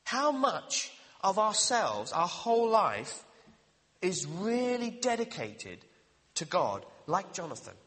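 Preacher, male, bright lively voice, earnest sermon, reverberant hall. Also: sits high. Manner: earnest, questioning, slows down for emphasis.

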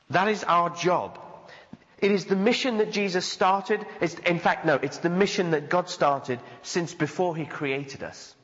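A man preaching a sermon as pastor, earnest and conversational, acting out the voices he quotes. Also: a little high. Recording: dull sound with long hall reverb.

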